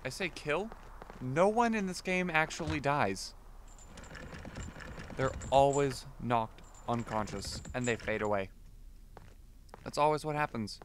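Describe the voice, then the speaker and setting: A man's voice: medium pitch, lively intonation, unhurried, long pauses, slight background noise. A man casually commenting on his gameplay as a let's play host, chatty and rambling, often correcting himself. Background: game music.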